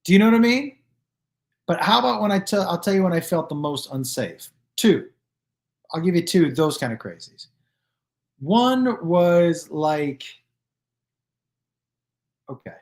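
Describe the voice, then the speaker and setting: High-pitched and a little slow, with long pauses, this comedian tells casual stories to viewers on his own live stream. He animatedly acts out quoted exchanges using "I go" and "he goes," staying loose and profane with fillers and restarts.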